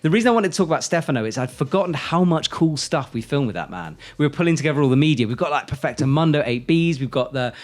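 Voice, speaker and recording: A man's voice: fairly high pitch, expressive, quick pace, few pauses, darkish tone. A man co-hosting a climbing news show, bantering and laughing easily. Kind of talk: casual chat.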